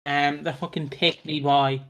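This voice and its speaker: A man's voice: on the high side, level tone, unhurried, fairly bright tone. A man co-hosting a casual chat, recapping a soap opera, laughing often and acting out the characters' lines. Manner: chatty, laughing, swearing, acts out characters' lines.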